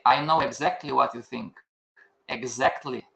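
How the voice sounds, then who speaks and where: A man's voice: medium pitch, unhurried, gravelly, bright, forceful tone, lo-fi sound. An older man teaching a live online class, firing questions at the students and answering them himself. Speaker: trading instructor. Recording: echoey room.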